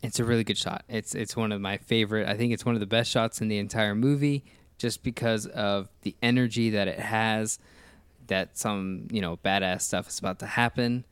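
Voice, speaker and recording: A man's voice: lowish voice, steady tone, normal speed, smooth, no room sound. A man hosting a casual film commentary, enthusiastic and rambling, with many restarts. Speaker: podcast host.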